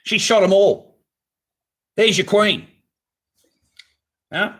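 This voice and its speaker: A man's voice: sits high, extremely slow, fairly bright tone. A man hosting a live stream from his garage on a phone camera, talking casually in a blunt, profane, ranting way. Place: home garage.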